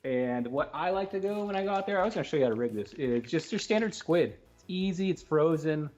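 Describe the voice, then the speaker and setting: A man co-hosting a fishing talk show, explaining gear and rigs in a fast, excited, casual way and laughing often. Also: sits high, dull audio, soft background music. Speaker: co-host giving fishing tips.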